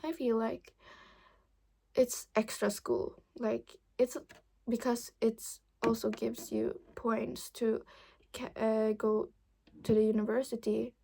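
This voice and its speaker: A woman's voice: fairly high pitch, vocal fry, dark tone. A teenage girl chatting casually to camera, rambling and hesitant with many fillers, sometimes dropping to a whisper. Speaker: vlogger. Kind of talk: casual chat.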